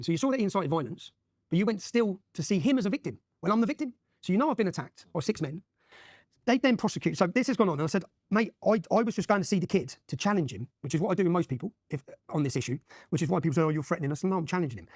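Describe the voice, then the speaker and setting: Guest, rapid-fire emphatic storyteller, dry room. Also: male voice, high-pitched, lively intonation, darkish tone, dry recording. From Luton, England. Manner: rapid, emphatic, keeps checking with "yeah?". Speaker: interview guest. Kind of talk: animated personal storytelling.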